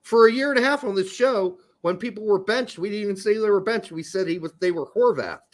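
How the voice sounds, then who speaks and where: Talking sports on a laid-back soccer podcast, this co-host speaks briskly in a high-sitting voice. He's animated and jokey, with plenty of profanity.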